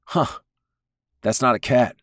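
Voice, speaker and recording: A man voicing a panicky young man on the run, brash and foul-mouthed, talking fast and loud. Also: no room sound, studio quality. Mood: stunned. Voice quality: high, loud and frantic. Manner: rapid, shouting, swearing.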